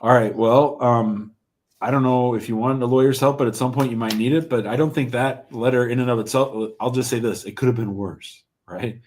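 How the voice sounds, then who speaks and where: A man's voice: mid-range voice, fairly even intonation, brisk, darkish tone. A man hosting a live call-in show, giving blunt, plain-spoken immigration advice to callers and viewers.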